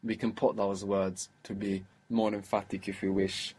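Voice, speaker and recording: A man's voice: on the low side, little pitch movement, moderate pace, a little mellow, husky. A man teaching a one-on-one lesson, explaining patiently and repeating words for the learner. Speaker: Arabic teacher.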